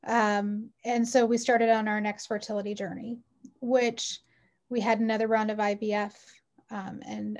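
A woman's voice: on the high side, darkish tone. A woman in her forties, an interview guest telling her personal story in an earnest, heartfelt way with frequent ums. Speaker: mother.

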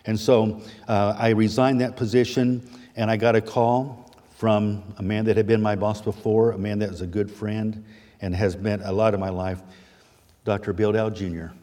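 A man's voice: fairly low pitch, level tone, normal speed, mellow. A man in his fifties preaching a sermon as a guest preacher, talking in a folksy, chatty way with self-deprecating asides. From Missouri, USA. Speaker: guest preacher and history teacher. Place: church sanctuary. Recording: long church reverb.

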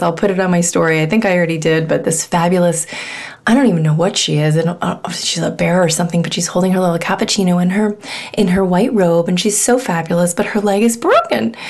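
Middle-aged female podcast host, low and gravelly, candid storyteller who slips into whispers. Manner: candid, chatty, sometimes drops to a whisper. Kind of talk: personal storytelling monologue.

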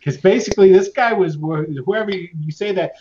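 High-voiced and warm, a man serves as game master for a tabletop game, talking a little fast. His narration is casual and rambling with plenty of fillers and restarts, and the audio is muffled lo-fi with noticeable background noise.

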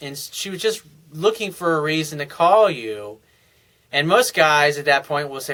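A man's voice: a little high, animated, normal speed, pushed and bright. A man hosting an advice show, giving blunt, coaching, sometimes profane advice from listener emails. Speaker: dating advice host. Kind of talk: advice monologue.

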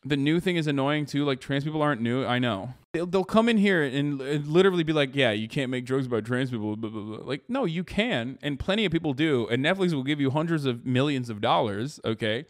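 A man's voice: fairly high pitch, a little fast, few pauses. A young man hosting a live stream, ranting in profane, sarcastic commentary straight to his chat. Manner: profane, sarcastic, heated rant. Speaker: streamer host.

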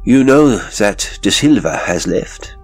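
A man's voice: animated, takes it slowly, faint music behind, poor audio. A man doing a silky sinister circus boss. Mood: calm. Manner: smooth, mocking politeness with sudden high lilts. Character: sinister older male circus director, silkily courteous.

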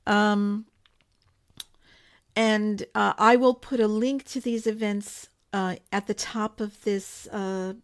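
A woman in a live broadcast, talking straight to her audience. Her voice sits at an ordinary middle pitch, and she sounds earnest and pleading. She stacks repeated phrases to press her point. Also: flat delivery, takes it slowly. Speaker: organization spokesperson hosting a live broadcast. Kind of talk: impassioned direct-to-camera appeal.

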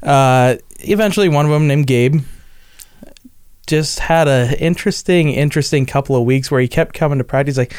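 A man's voice: fairly high pitch, moderate pace, clean tone. A young man from the Las Vegas area, co-hosting a podcast and telling a funny story in casual chat, acting out his friends' lines. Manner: animated storyteller, acts out quoted friends. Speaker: podcast co-host.

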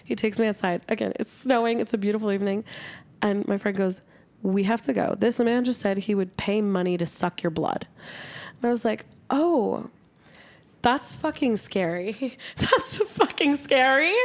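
Excitable young woman telling a wild story. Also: mid-range voice, fairly quick. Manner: excited storytelling, heavy "like" filler, frequent swearing. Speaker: podcast co-host. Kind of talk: casual podcast chat. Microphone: studio podcast mic.

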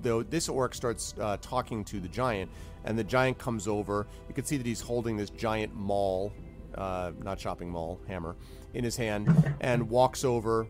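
A man's voice: on the low side, moderate pace, faint music behind. A man narrating as game master in a tabletop game, loose and chatty, with lots of ums and sound effects.

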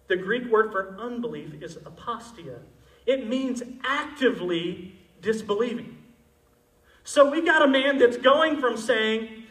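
A male pastor preaching a sermon, moving between loud, emphatic passages and quiet, intimate ones. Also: very high-pitched, echoey room, recorded from a distance, rough recording.

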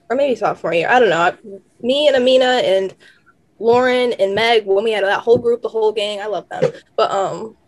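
A woman's voice: fairly high pitch, a little mellow. Young female guest, light self-deprecating storyteller. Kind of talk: casual chat.

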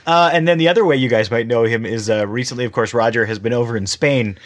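A man's voice: mid-range voice, fast. A man hosting a casual podcast chat, teasing his guest with dry jokes. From Canada. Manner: joking, teasing interviewer. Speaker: podcast host.

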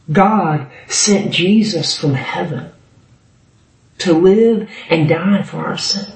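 A man's voice: high-pitched, slow, gravelly, distant mic. A man preaching a sermon as pastor, voicing scripture passages with rising force. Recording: echoey room.

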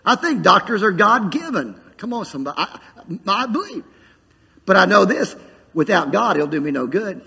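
A man's voice: sits high, sing-song, normal speed, vocal fry, sharp tone, husky, in a large hall. A man preaching a sermon as pastor, calling out to his congregation. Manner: preaching with call-outs to the congregation.

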